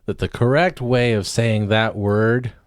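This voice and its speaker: A man co-hosting a comedy podcast, offering absurd answers in a slow, dry, confident way. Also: fairly low pitch, fairly even intonation, no echo. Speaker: podcast co-host. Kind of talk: casual banter.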